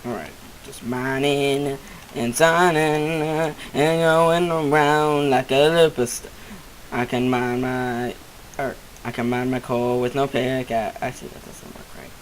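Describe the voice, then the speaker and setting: A jumpy, excitable man chatting through a let's-play at home, his commentary wandering from one thought to the next. His voice sits in a middle pitch, and a faint hiss runs under the recording. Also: a little slow, rough recording. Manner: excitable, rambling, easily startled. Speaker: gamer.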